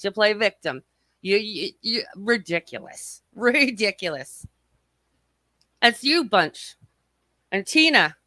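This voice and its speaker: A woman's voice: on the high side, sharp tone, no echo. A woman hosting a livestream from home, ranting in a heated, sarcastic and profane way at other streamers. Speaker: livestream host.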